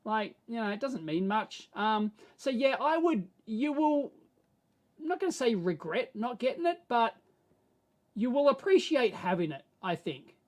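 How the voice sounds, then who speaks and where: An Australian man hosting a live stream, answering viewer questions in a rambling, animated way that swings between mumbled asides and excited bursts. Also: extremely high pitch, measured pace. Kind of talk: casual live-stream chat.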